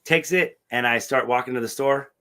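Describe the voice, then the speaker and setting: Middle-aged man, casual storytelling chat, animated, swears a lot, acts out every line of dialogue, mid-pitched voice. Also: moderate pace, clean tone. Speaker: podcast co-host.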